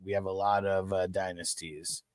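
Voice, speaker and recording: A man's voice: low-pitched, little pitch movement, normal speed, no room sound, clean studio sound. A man in his thirties hosting a fantasy football live stream, chatting casually, laughing and swearing. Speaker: fantasy football livestream host.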